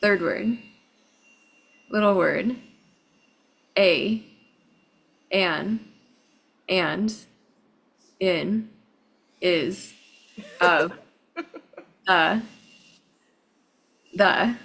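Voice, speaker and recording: A woman's voice: fairly low pitch, very slow, vocal fry, pauses often, a bit bright, breathy edge, low-quality recording. A woman playing a guessing game, calling out single-word guesses one by one. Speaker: game player.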